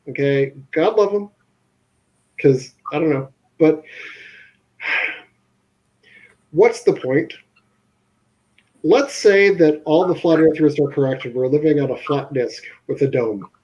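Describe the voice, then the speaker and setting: A man chatting casually on a panel, rambling and animated as he tells stories. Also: on the high side, takes it slowly, pauses often, lo-fi sound. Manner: rambling, animated storytelling, frequent laughs.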